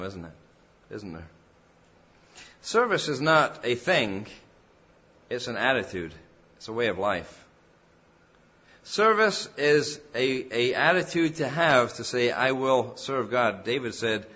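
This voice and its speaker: A man's voice: medium pitch, sharp tone, lo-fi sound. A man preaching a sermon, asking rhetorical questions and reading scripture in old-fashioned wording, his voice rising and falling with each point. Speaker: pastor.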